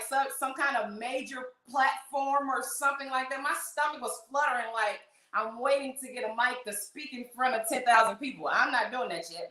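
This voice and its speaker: A woman hosting a livestream, greeting viewers by name in a gushing, emotional way, her voice trembling with excitement. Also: sits high, reverberant. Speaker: livestream host.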